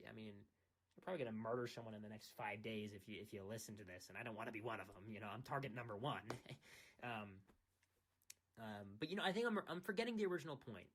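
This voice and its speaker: This is a casual, rambling monologue from a young American man recorded on his phone microphone late at night. He mocks himself and teases as he goes, in a mid-range, fairly bright voice.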